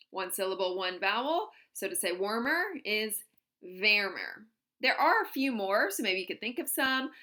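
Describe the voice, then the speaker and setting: A woman teaching a grammar lesson, walking through one example after another in a patient way. Her voice is bright and forward, and she speaks at an unhurried, deliberate pace. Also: mid-range voice. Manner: patient, explains step by step with examples. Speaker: German teacher.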